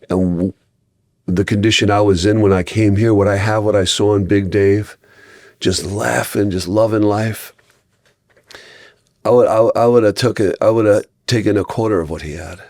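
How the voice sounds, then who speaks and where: A middle-aged man with a very low voice tells stories as a podcast guest. He rambles, restarts his sentences and acts out the people he quotes. He is recorded close and dry on a podcast mic. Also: normal speed, pauses often, a little mellow, dry recording. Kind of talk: casual podcast storytelling.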